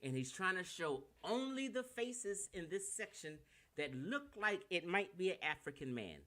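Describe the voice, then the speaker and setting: A man with a Californian accent who lectures in a brash, combative way, swearing freely and spelling words out letter by letter. His voice is bright and forceful, and his pitch swings widely as he makes his points. It sounds like a casual livestream talk into a computer mic. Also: sing-song, moderate pace. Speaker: online lecturer.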